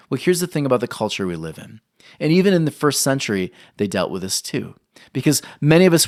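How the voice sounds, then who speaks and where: A man preaching a sermon as pastor, telling a personal story in an animated, conversational way. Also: no room sound, studio quality. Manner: animated storytelling, acting out scenes with rising pitch. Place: church or studio recording.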